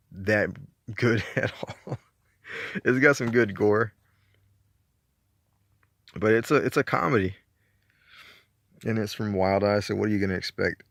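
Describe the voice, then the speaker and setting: Southern dude from georgia, lowish voice, laid-back rambly movie talk, swears some, dry room. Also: male voice, vocal fry, a bit bright, dry recording. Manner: rambling, laid-back, profane, laughs often. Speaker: movie collector reviewing his collection. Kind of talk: casual chat.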